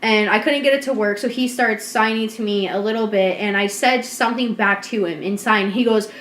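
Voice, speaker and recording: A woman co-hosting a podcast, telling a story in casual chat, animated and swearing, acting out what people said. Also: medium pitch, fairly quick. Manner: animated, swearing, acts out quotes. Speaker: podcast co-host. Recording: roomy echo.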